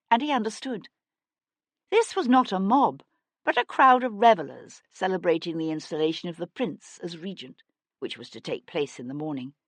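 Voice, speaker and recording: A woman reading an audiobook with steady, expressive storytelling narration. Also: fairly low pitch, no echo.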